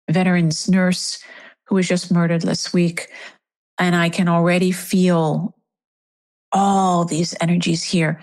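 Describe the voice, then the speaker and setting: Woman leading a reverent guided meditation. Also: fairly low pitch. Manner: soft, reverent, emotional at times.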